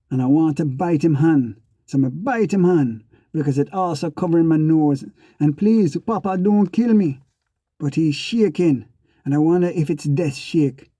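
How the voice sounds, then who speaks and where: A man's voice: fairly high pitch, warm tone, no room sound. A man narrating an audiobook in first person, with a rhythmic, repeating delivery. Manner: rhythmic, repeating sound words.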